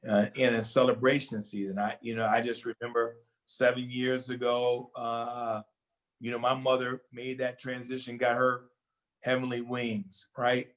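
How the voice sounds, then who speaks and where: A man's voice: mid-range voice, monotone, moderate pace, rough recording. An older man in casual talk show conversation, speaking reflectively and hesitantly with many fillers.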